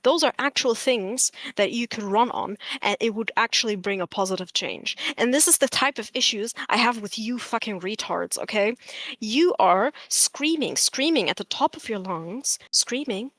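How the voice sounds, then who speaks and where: A woman's voice: fairly high pitch, animated, moderate pace, fairly bright tone, dry recording. A woman of Arab diaspora background arguing in a heated online debate, blunt and profane, talking over others to lecture.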